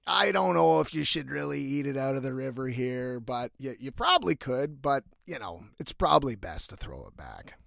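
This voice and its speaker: A man voicing a laid-back old fisherman who speaks slowly, softly and calmly. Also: mid-range voice, vocal fry, dry recording, studio quality, voice pushed down, exaggerated voice. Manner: slow, soft, calm drawl.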